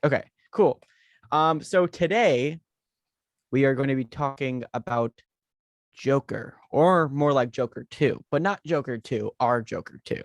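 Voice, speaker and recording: A man's voice: medium pitch, a little slow, dry recording. A young American man hosting a podcast in a playful, teasing chat. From United States. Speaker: podcast host. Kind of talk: casual chat.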